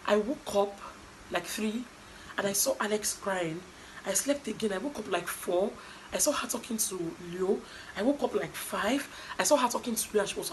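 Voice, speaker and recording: A woman's voice: mid-range voice, a little hiss or hum, low-quality recording. A young adult woman with a Nigerian accent, animatedly recapping a reality show in casual gossip style. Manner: animated, chatty storytelling with asides.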